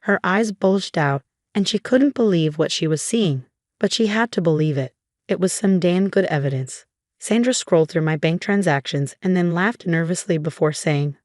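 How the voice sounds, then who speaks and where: A woman narrating a first-person story with an even, flat delivery. Her voice sits low for a woman, and the recording is dry and close. The reading stays scripted and steady throughout. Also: moderate pace, no room sound.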